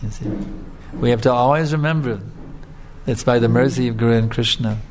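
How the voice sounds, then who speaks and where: Guy preaching, telling a story all casual, keeps tossing in little tags, mid pitch. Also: brisk, crowd noise. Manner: conversational, frequent filler tags, lively storytelling. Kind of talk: sermon with storytelling.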